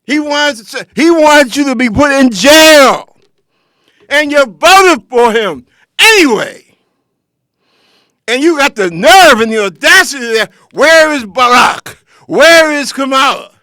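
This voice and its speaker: A man with a very high, bright, forceful voice delivers a political commentary monologue as host of his own show. He takes his time, talking slowly and lecturing his listeners head-on in a confrontational tone. The sound is dry and close, with no room around it. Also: expressive, no echo.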